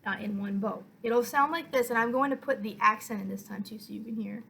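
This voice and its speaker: A woman violin teacher giving a patient, step-by-step lesson, counting beats aloud and filling pauses with "uh" and "um". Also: on the high side, vocal fry, very noisy. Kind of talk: online music lesson.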